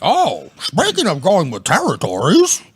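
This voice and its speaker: A performer voicing an eager, stammering lobster detective in an improvised comedy audio play, with a creaky, husky voice. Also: mid-range voice, huge pitch swings, a little slow, heavily acted. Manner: stammering, nervous.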